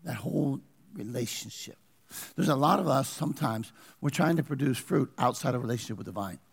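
A man's voice: medium pitch, lively intonation, a little fast, gravelly, breathy edge, in a large hall. A man preaching a sermon as pastor, asking his congregation questions and pressing his points. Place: church.

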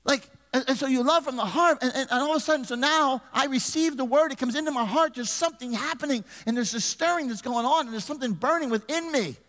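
High-voiced pastor preaching in an echoey hall. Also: male voice, fast talker, few pauses, a bit bright. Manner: conversational, humorous, asks the congregation questions. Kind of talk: sermon. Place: church sanctuary.

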